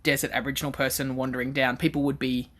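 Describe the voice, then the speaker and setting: An Australian woman, a comedian, chatting in an interview and telling lively stories that she acts out. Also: a bass voice, fast, slight background noise. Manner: animated storyteller, acts out quoted voices. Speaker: comedian guest. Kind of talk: casual interview chat.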